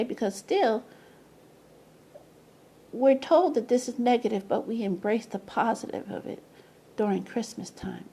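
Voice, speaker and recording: A woman talking casually to her camera, rambling, repeating words and breaking into loud laughing asides. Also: on the high side, creaky, husky. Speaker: video presenter. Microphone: camera mic.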